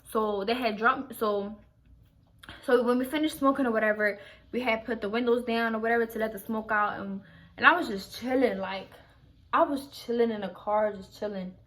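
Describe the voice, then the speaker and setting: Young woman vlogger from Philly, casual storytime, bright and a touch high-pitched, slangy and profane. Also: steady tone, normal speed. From Philadelphia, USA. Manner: slangy and profane, heavy use of "like", restarts sentences.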